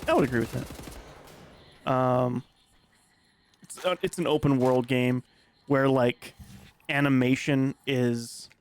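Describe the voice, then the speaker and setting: A man's voice: mid-range voice, steady tone, slow, long pauses, clear, resonant tone. A man in casual gaming chat, laid-back and laughing easily while giving backseat directions to the player. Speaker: co-commentator on a game playthrough.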